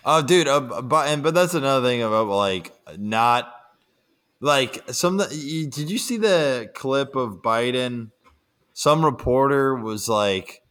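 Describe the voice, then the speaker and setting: A man co-hosting a casual podcast chat, telling stories in halting bursts full of fillers and restarts. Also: medium pitch, expressive, a bit bright, clean tone. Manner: halting, filler-heavy storytelling.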